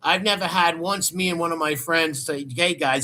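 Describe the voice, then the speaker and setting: A man's voice: fairly high pitch, measured pace, sharp tone. A man hosting a crude, sarcastic commentary show, mocking clips he plays. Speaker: host.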